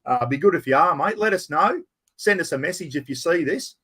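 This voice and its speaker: A man's voice: fairly high pitch, lively intonation, fairly quick, fairly bright tone, husky. An Australian man hosting a casual livestream chat, rambling and blunt, often calling his viewers mate. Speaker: livestream host.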